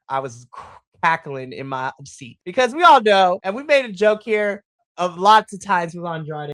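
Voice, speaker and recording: Recapping a wrestling show over casual chat, this podcast host gets excitable and swears, acting out how they reacted. The voice is medium-pitched, and there's no room sound.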